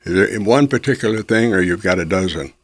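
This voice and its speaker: An older man hosting a chatty interview, reminiscing and quick to agree. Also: on the low side, expressive, no room sound. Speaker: podcast host, interviewer. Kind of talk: casual interview conversation.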